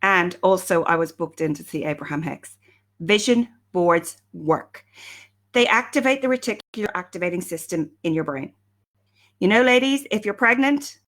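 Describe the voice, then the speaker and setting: A woman's voice: fairly low pitch, a bit bright. A woman, chatting casually and upbeat on a live stream from home, greeting viewers by name as she talks. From Ireland. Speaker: self-help speaker hosting a live stream. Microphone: webcam or phone live stream.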